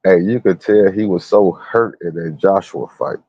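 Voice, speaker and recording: A man's voice: low-pitched, normal speed, slightly rough, no echo, dull audio. A man in casual boxing chat, laid-back, slangy and opinionated.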